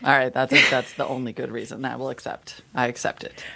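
A woman's voice: a bass voice, flat delivery, a little fast, creaky, heavy background noise. A woman co-hosting a show, upbeat and enthusiastic. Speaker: co-host. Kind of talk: casual chat.

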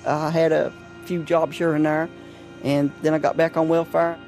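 A woman, chatting plainly and warmly at home in an interview. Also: low voice, level tone, moderate pace, over music. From West Virginia. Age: 50s. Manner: homely, folksy, plain-spoken. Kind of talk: casual chat at home.

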